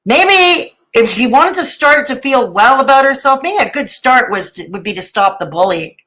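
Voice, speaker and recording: A woman's voice: high voice, animated, normal speed, pushed and bright, low-quality recording. A middle-aged woman doing live reaction commentary, sarcastic and mocking, with dramatic asides and laughs. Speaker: reaction streamer.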